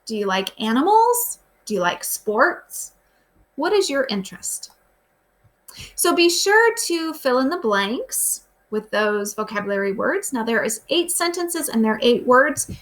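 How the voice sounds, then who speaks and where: A grade-school teacher records a remote lesson, patiently walking her pupils through the day's material and asking them simple questions along the way. Her voice is on the high side, sing-song and a bit bright, and she speaks a little slowly.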